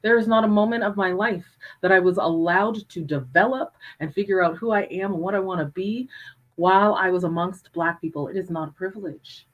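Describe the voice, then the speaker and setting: Woman, panelist, emphatic, repeats words for stress, medium-pitched voice. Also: a little fast, lo-fi sound. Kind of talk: panel discussion.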